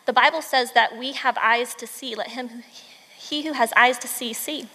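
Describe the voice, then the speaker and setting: A woman with a high voice gives a devotional talk, animated and emphatic as she tells the story. A long reverb trails her words. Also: moderate pace. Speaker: mother and devotional speaker. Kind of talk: devotional talk retelling a children's book.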